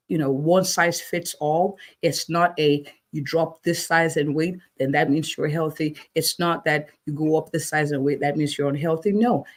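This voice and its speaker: A woman physician answering interview questions, encouraging and checking in with listeners, often repeating words for emphasis. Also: sits low. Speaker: physician guest.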